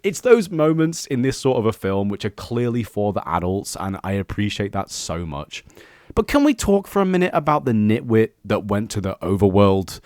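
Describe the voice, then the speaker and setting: Young man, YouTube reviewer; lively swinging pitch, profane and excitable, dry close sound. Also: clear, resonant tone, no echo. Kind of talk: casual spoken review.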